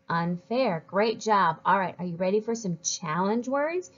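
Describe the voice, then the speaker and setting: A woman teaching children to read, sounding out each word slowly and clearly and cheering them on. Her pace is unhurried, and the recording is a bit dull and lo-fi. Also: mid-range voice, expressive. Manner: slow, clear, encouraging, models each sound. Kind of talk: phonics lesson for children.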